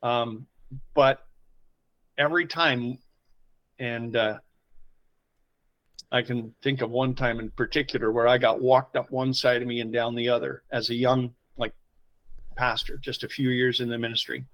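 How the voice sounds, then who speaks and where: Emotional, expressive pastor. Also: male voice, mid-range voice, measured pace, long pauses, rough recording. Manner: emotional, expressive storyteller who swings from quiet asides to loud exclamations. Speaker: pastor, podcast guest. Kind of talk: conversational storytelling interview.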